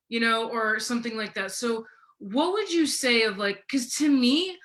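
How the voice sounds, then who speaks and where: A woman in her forties hosts a relaxed, casual livestream chat in a somewhat high, bright, crisp voice at a moderate pace. She's chatty and animated, laughing often as she acts out little quotes.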